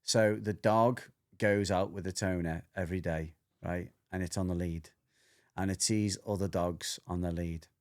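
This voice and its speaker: Animated lower-pitched man telling stories. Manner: animated storyteller who acts out dog voices and swears freely. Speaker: podcast co-host, dog behaviour trainer. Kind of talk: casual chat.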